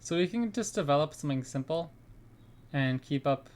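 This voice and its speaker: A man's voice: on the high side, expressive, moderate pace, darkish tone. A man streaming a card game, chatting casually and thinking aloud about his plays and giving frank opinions into a desk microphone at home. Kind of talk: casual gameplay commentary.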